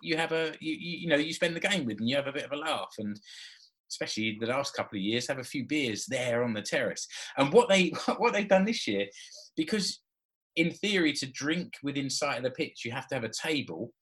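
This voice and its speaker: A man's voice: medium pitch, animated, fairly quick, fairly bright tone, husky. A man in his forties, a podcast co-host telling a personal story in casual chat, laughing often and restarting his sentences. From Britain. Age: 40s.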